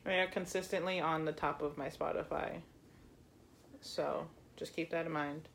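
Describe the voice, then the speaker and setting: A woman's voice: deep voice, steady tone, normal speed, vocal fry. A young woman from Florida co-hosting a podcast, dry and self-mocking, laughing often in casual chat. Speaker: podcast co-host. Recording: faint background noise.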